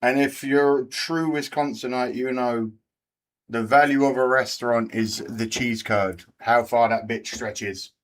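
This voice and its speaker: A man's voice: medium pitch, fairly even intonation, unhurried. An English man hosting a live race watch party, bantering with his chat and swearing freely. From England. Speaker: livestream host.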